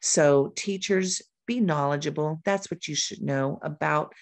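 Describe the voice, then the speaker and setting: A woman's voice: low-pitched, unhurried, dry recording. A woman who teaches literacy, presenting at a summit and acting out classroom dialogue to show her lesson steps, listing points in short rhythmic phrases. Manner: demonstrates teaching by role-playing her questions to students.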